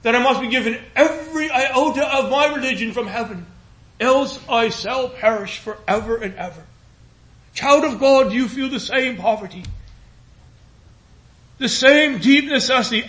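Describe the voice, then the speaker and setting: A man with a very high voice preaches a sermon in an earnest, pleading rhythm, repeating phrases and dropping to a hushed tone when he reaches scripture.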